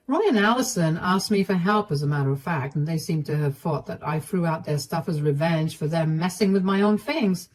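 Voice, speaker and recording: A woman narrating a first-person family drama story in a steady, even delivery. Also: low voice, fairly quick, few pauses, rough recording.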